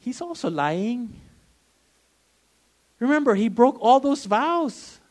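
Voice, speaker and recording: Filipino pastor preaching in mixed English and Tagalog. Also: male voice, very high voice, takes it slowly. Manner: mixes English with Tagalog, conversational and animated, acts out voices. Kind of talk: sermon.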